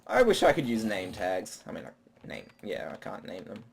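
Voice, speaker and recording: Gravelly, lively man rambling. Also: on the low side, moderate pace, a little hiss or hum. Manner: rambling, talks to himself. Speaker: gaming channel host. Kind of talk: let's play commentary.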